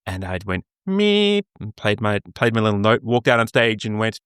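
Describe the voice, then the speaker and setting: A man in his forties, an opera singer co-hosting a casual podcast chat, telling animated stories and breaking into short sung snippets. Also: lowish voice, brisk, smooth, no room sound, clean studio sound.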